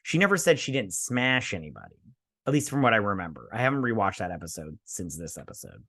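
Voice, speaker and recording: Hosting a review show, a man recaps an episode in loose slang full of fillers, voicing the characters' lines in passing as he retells scenes. His fairly low voice is very animated, fast, pushed, and bright, captured dry in clean studio sound.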